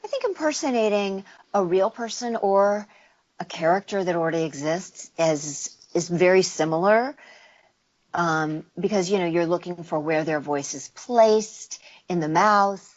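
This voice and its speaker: Woman dialect coach, casual interview guest, a touch low in pitch, slightly muffled recording. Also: unhurried. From United States. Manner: explanatory, demonstrates sounds with her voice.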